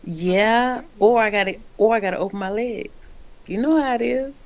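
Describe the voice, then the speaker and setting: A woman's voice: on the high side, normal speed, darkish tone. Giggly woman in her twenties. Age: 20s. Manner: giggly and easygoing, with casual slang. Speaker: guest. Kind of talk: casual livestream chat.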